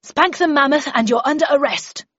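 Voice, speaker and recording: A woman voicing a brisk male government agent who speaks in a loud, clipped, official manner. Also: sits high, dry recording, highs cut off, pitched above the performer's own voice. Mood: officious.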